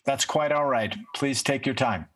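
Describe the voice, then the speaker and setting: A male host closing an interview in a gentle, reassuring, measured way. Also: mid-range voice. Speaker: radio or TV host. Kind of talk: interview sign-off.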